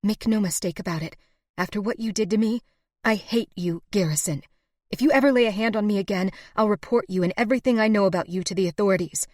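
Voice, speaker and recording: A woman voicing a defiant young frontier wife who speaks heatedly and forcefully. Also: mid-range voice, moderate pace, no room sound, clean studio sound, voice pushed up, lightly acted.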